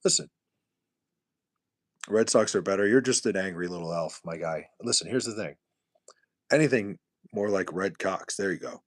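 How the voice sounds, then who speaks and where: A man's voice: low voice, moderate pace, pauses often, no room sound, clean studio sound. A young man from New City, streaming live and trash-talking viewers in profane, mocking chat. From New York City.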